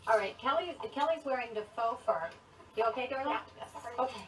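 Female TV host, high-pitched and doting, heard from off mic with noise behind. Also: animated, brisk, fairly bright tone, recorded from a distance, poor audio. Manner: fussing, doting.

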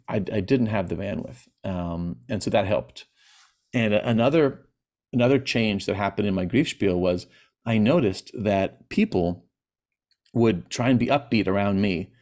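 A man's voice: fairly low pitch, darkish tone. A man giving a personal talk on grief, speaking candidly and plainly, with hesitant restarts. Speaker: presenter.

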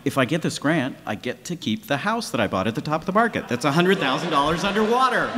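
On stage in a large lecture hall before a live audience, a man hosts a scripted comedy act, chatty and joking with many fillers. He talks fast in a fairly high voice with big pitch swings, and the echoey hall picks up crowd noise.

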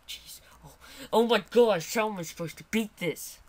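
A man's voice: sits high, normal speed, a little mellow. A man doing let's play commentary, frustrated and exclaiming as he keeps failing a level. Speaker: gamer.

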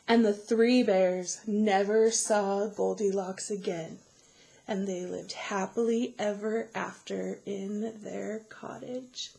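A woman teacher reading a fairy tale aloud to children, slow and animated, asking them questions along the way. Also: mid-range voice, gravelly.

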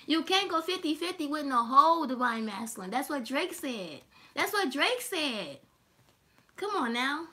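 Bright, high-voiced woman reading tarot. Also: measured pace. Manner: animated, laughing, profane and teasing. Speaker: tarot reader.

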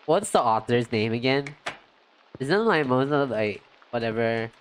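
Slow-talking excitable male streamer. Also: a little hiss or hum. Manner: chatty and excitable, lots of "yo" and "like"; jumps up in pitch when greeting chat. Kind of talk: casual let's-play commentary.

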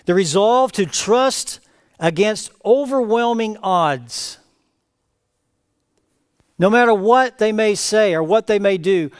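A man preaching a verse-by-verse sermon as pastor, reading scripture aloud with rising emphatic cries and then dropping to quiet asides. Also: sits high, slow pace, pauses often, smooth. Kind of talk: expository sermon. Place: church sanctuary.

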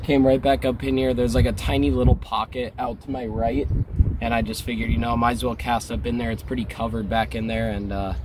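A young man casually explaining his fishing on a lake shore, getting excitable when a fish bites. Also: mid-range voice, fairly quick, background noise. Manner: excitable, exclaims often while fighting fish. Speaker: fishing vlogger. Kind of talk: casual outdoor vlog commentary.

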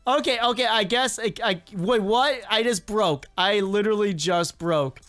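An upbeat gaming commentator narrating play in a loose, jokey way, often laughing and talking straight to characters on screen. The voice sits at a middling pitch but bounces up and down constantly with excitement. Faint game music plays underneath. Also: normal speed. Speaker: gaming video creator. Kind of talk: casual gameplay commentary.

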